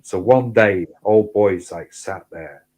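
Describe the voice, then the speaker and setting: A man telling rambling, sweary anecdotes in casual chat, getting louder as the story builds. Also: slow, breathy edge, rough recording. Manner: sweary rambling anecdotes, gets loud and high when excited. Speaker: host.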